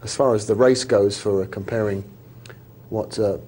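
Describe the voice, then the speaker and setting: A man's voice: lowish voice, fairly even intonation, moderate pace, mellow, a little hiss or hum. A man co-presenting a live poker show, rambling and joking with mock indignation. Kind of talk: live TV studio banter.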